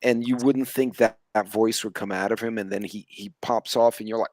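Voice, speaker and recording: A man's voice: lowish voice, fairly even intonation, brisk, hardly any pauses, darkish tone, no room sound. A man in a casual chat, telling stories with a wry, dry humor. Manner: wry, storytelling.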